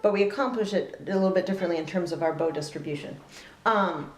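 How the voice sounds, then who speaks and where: A woman giving a relaxed spoken fiddle lesson, thoughtful, often pausing with fillers as she explains bowing. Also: fairly low pitch, over loud music. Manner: thoughtful, with fillers and soft laughs, counting beats aloud. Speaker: fiddle teacher. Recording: roomy echo with loud fiddle playing.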